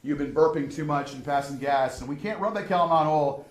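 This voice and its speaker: Loud brash guy hosting a live tv show, roomy echo, kinda high voice. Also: brisk. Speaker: host. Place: small studio. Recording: echoey room from far off.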